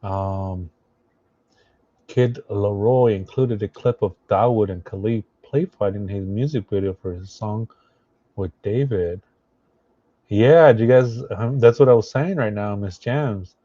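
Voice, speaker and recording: A man doing casual live commentary as a streamer, thinking aloud and halting with fillers and restarts. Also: fairly low pitch, dark tone, dry recording, lo-fi sound. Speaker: streamer reacting to social media posts.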